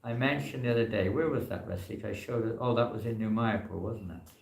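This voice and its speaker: A monk leads a casual scripture class in a temple hall, wandering from point to point and saying "you know" constantly. He speaks briskly in a lowish voice with vocal fry.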